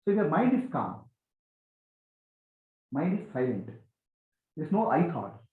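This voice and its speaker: A man giving a spiritual talk to a gathering, animated and questioning, repeating key phrases. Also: a little high, a little slow. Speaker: spiritual teacher. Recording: echoey, tinny phone-like sound.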